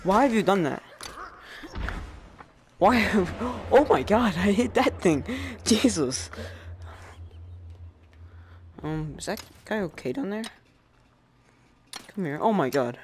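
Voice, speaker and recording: Man, gamer, let's-play commentary, flustered, apologetic, slightly high voice, noisy recording. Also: animated, measured pace, pauses often.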